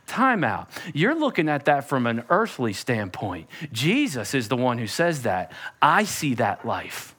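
A man preaching a sermon as pastor, animated and conversational with a playful edge. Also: medium pitch, a little slow, few pauses, breathy edge.

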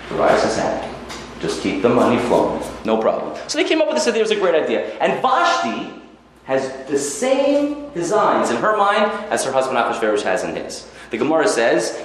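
A man teaching Talmud in an animated, storytelling way, his pitch leaping up and down as he drives each point home. He mixes in Hebrew quotations. The sound is very echoey, with a faint hum of ambient noise behind him. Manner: lively storytelling with Hebrew quotes and acted asides. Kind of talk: animated Torah lecture.

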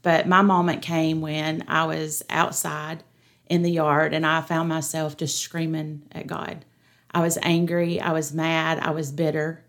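A middle-aged woman, a pastor giving an earnest, steady personal testimony on a podcast. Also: low-pitched, a little slow. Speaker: pastor, guest.

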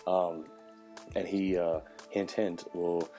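A man hosting a podcast as a chef, telling animated stories in casual chat, swearing and acting out other people's voices. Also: low voice, slow pace, faint music behind.

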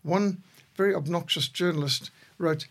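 A man in his sixties, co-host of a podcast, telling measured stories with a dry humor. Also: fairly high pitch, fairly bright tone, slightly rough. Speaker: podcast co-host, missionary leader. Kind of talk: reflective conversation.

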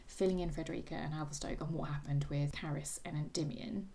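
A woman's voice: deep voice, steady tone, fast talker, dark tone. A woman co-hosting a podcast, chatting enthusiastically about a novel and reading passages aloud. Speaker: podcast co-host. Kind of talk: casual book-club chat.

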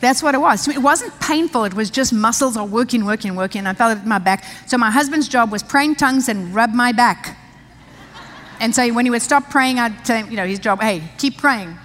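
A woman's voice: on the high side, a little fast, a bit bright. A woman pastor from South Africa, telling a personal story in a chatty sermon, laughing often and restarting her sentences. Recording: long reverb of a large hall.

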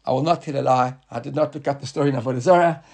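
A man's voice: mid-range voice, very fast, creaky, a little mellow. A man teaching a text study class, reading passages aloud and paraphrasing them in a casual way, with frequent restarts. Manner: restarts often, reads Hebrew and Aramaic then paraphrases casually. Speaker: Torah teacher.

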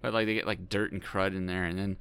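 Casting note: jokey co-host, bright smooth voice, dry close sound. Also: deep voice, level tone, fast. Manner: jokey, crude asides, laughs often. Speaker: podcast co-host. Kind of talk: casual chat.

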